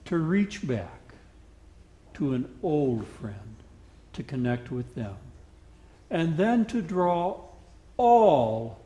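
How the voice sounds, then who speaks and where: A male pastor telling a story in a sermon, animated and dramatic. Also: on the high side, extremely slow, long pauses, roomy sound, a little hiss or hum.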